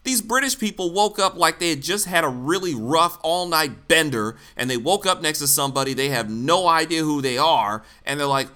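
A man's voice: a little high, animated, normal speed, hardly any pauses, pushed and bright. A man from the United States giving blunt, sarcastic political commentary, swearing freely. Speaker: commentary host.

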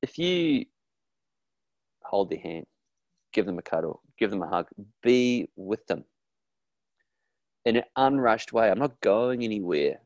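A man talking in a casual interview about his therapy work, earnest and animated, acting out quoted voices with frequent restarts. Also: on the low side, takes it slowly, pauses often, dry recording, highs cut off. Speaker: therapist guest.

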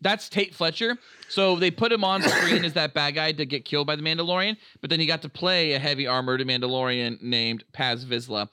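An excitable man on a podcast, swearing as he piles up fan trivia. His voice is bright and crisp, sitting a little high for a man. The sound is close and dry. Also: brisk, dry recording. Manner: excitable, swears freely, rattles off fan lore. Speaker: podcast co-host. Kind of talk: casual podcast chat.

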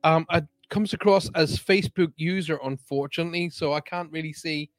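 A man's voice: fairly high pitch, a little fast, dry recording. A man hosting a live-streamed show, chatting casually and reading out viewer comments in an upbeat way.

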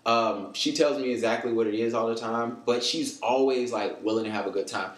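A man's voice: mid-range voice, fairly quick, reverberant. A man from the States, a podcast guest telling stories in casual chat and acting out what others said. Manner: animated storyteller, acts out quoted voices.

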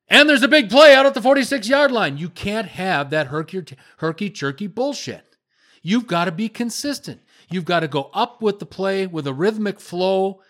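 Older guy on sports talk, blunt ranty opinions, gets loud when he's worked up. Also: fairly high pitch. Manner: blunt, ranting critique, voice rising when heated. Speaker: sports radio host.

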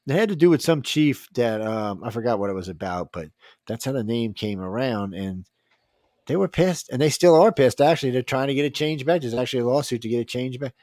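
A man's voice: mid-range voice, a little mellow, no room sound, studio quality. A man in his fifties hosting a talk radio show, blunt, rowdy and profane, speaking casually. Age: 50s.

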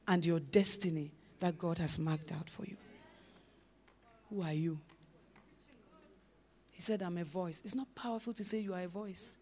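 Woman preaching, swinging from loud to hushed. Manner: swings from loud, emphatic exhortation to low, musing questions. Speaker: pastor's wife, preacher. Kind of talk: sermon.

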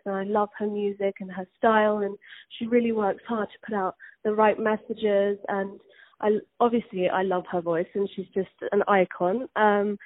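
A teenage girl from England with an English accent, a singer interviewed over the phone who speaks softly and warmly with frequent ums. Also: mid-range voice. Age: teens. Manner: soft, friendly, with frequent ums and likes. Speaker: singer, guest. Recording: tinny phone line.

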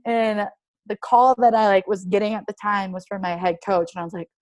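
Young female athlete guest, casual and lively storyteller, acts out quoted lines in her own voice. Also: medium pitch, brisk, a crowd in the background. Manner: animated, heavy use of "like", acts out quoted dialogue. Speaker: guest, professional soccer player.

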